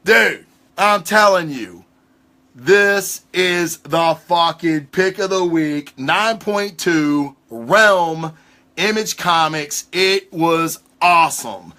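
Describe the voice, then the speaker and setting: A man hosting a casual livestream comic book review, talking in an excitable, rambling way with lots of swearing. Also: fairly high pitch, drawn-out words. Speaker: comic book show host.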